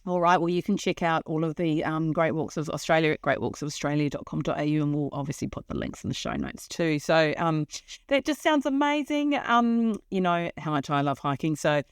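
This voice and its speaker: A woman's voice: low-pitched, brisk, clear, resonant tone, no echo, studio quality. A woman with a New Zealand accent hosting a travel podcast, bubbly and laughing a lot. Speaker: podcast host. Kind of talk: casual chat.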